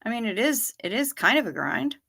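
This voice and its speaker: A woman's voice: on the high side, very animated, fairly quick, creaky, bright, forceful tone, slightly rough. A woman hosting a livestream from home, chatting casually with viewers in a rambling way and trailing off often, a little sleepy and yawning. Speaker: livestream host. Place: at home, in her chair.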